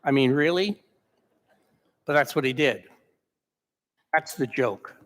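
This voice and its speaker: A man's voice: mid-range voice, slow. A male pastor giving a sermon in a church, telling the story in a conversational way and correcting himself as he goes. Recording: long church reverb.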